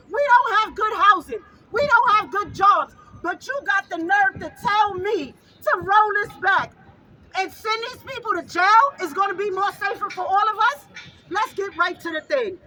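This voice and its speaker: A grieving mother speaking at an outdoor rally, fervent and repetitive, often rising to a shout. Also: extremely high pitch, low-quality recording. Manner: fervent, raises voice to a shout, repeats phrases. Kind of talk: impassioned protest speech.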